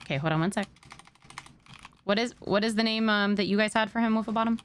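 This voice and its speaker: A woman's voice: mid-range voice, fast talker, clear, resonant tone. A woman roleplaying a police sergeant who runs an interview in a casual, joking manner. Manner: casual, joking, laughs easily.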